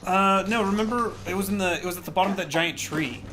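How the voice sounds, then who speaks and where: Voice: medium pitch, quick pace. A let's play co-host watching a game, chatty and giggly in casual conversation. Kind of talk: casual gameplay chat. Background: game music.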